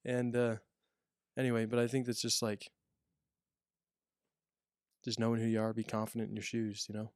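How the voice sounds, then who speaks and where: A man's voice: lowish voice, monotone, normal speed, pauses often, a little mellow, smooth, dry recording, clean studio sound. A man who works as a prison officer, telling stories in a casual podcast chat with lots of restarts and fillers. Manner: rambling storyteller, many restarts and fillers.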